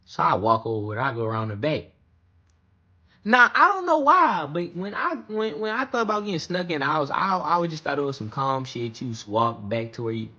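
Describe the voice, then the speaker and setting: Husky, animated young man telling a story. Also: muffled recording. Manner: slangy, profane, keeps asking "you hear me?"; voice jumps high when retelling panicky moments. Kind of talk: casual storytime monologue.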